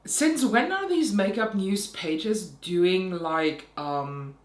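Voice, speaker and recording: A woman's voice: mid-range voice, animated, slow pace. A young woman makeup vlogger ranting in a heated, sarcastic way, with frequent swearing. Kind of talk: ranting vlog commentary. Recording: roomy echo.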